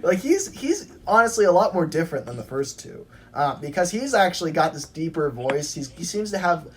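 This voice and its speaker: A woman's voice: fairly low pitch, big pitch swings, brisk, husky. A young woman co-hosting a podcast, chatting casually with lots of fillers and restarts. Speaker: podcast co-host. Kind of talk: casual fan chat.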